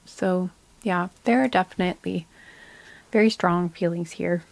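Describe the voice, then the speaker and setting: A tired woman giving a relaxed tarot card reading, soft-spoken and rambling, trailing off with fillers. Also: lowish voice, a little slow, creaky. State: tired and sleepy.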